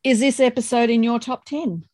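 A woman's voice: on the high side, fairly even intonation, moderate pace, darkish tone, no room sound, studio quality. A woman, co-hosting a casual podcast chat, asking trivia questions and giggling often. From Australia. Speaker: podcast co-host.

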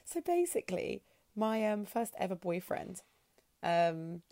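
A woman's voice: mid-range voice, big pitch swings, measured pace, warm tone. A woman, co-hosting a podcast and telling frank stories with lots of laughter. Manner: frank, giggly storytelling. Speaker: podcast co-host. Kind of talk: casual chat.

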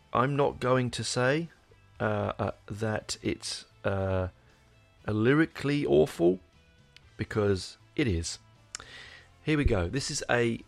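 A man's voice: medium pitch, creaky. A man casually reviewing a record, rambling and swearing with plenty of restarts and enthusiasm. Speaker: album reviewer. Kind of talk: casual spoken album review.

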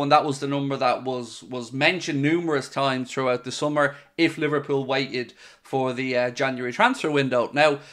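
A man's voice: mid-range voice, a bit bright. A man hosting a casual livestream, talking in a chatty, conversational way with loose restarts. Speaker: podcast host.

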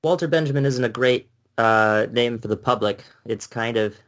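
A man's voice: medium pitch, moderate pace. Enthusiastic rambling male podcast co-host. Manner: enthusiastic, rambling, laughs often. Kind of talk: casual chat.

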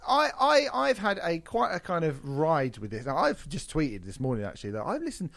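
A man co-hosting a podcast, talking in a casual, animated and mocking way with plenty of swearing. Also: on the high side, normal speed, creaky, dry recording. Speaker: podcast co-host.

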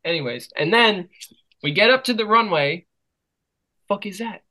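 A man's voice: high voice, animated, normal speed, sharp tone, low-quality recording. An American man hosting a podcast in casual chat, telling stories with lots of swearing and laughter. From United States. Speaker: podcast host.

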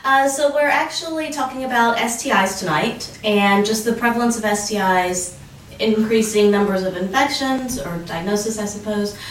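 A woman's voice: mid-range voice, normal speed, slight background noise. A woman co-hosting a podcast, chatting in a friendly, supportive way. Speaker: podcast co-host. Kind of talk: casual chat. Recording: echoey room from far off.

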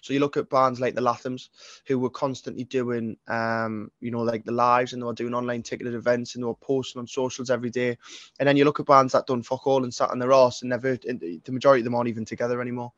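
A man's voice: medium pitch, little pitch movement, fast talker, no room sound. Sweary young Geordie man, dull dry sound. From North East England. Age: 20s. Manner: sweary, rambling, frequent restarts. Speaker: singer-songwriter guest. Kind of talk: casual interview chat.

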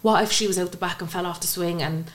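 Fast-talking Irish woman, low voice. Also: fairly even intonation. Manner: rapid, breathless retelling with reported speech. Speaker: guest. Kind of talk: emotional personal storytelling.

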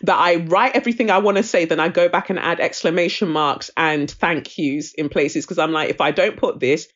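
A woman guest chatting casually on a podcast, direct and animated, often mimicking other people's phrasing. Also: on the low side, fairly quick, muffled recording. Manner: direct, animated storyteller who puts on voices. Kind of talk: casual chat.

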